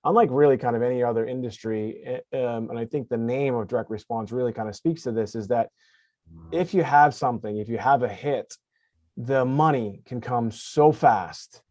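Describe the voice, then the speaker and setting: A man's voice: medium pitch, normal speed, darkish tone, no echo. Dry-sounding forties man hosting. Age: 40s. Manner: thinks aloud, restarts often. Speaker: podcast host. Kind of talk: conversational interview.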